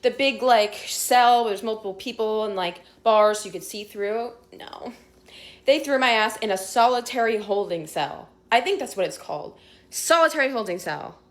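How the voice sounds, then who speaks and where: A young woman telling a casual storytime vlog, chatty and animated, full of filler words, swearing and laughter. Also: a little high, normal speed.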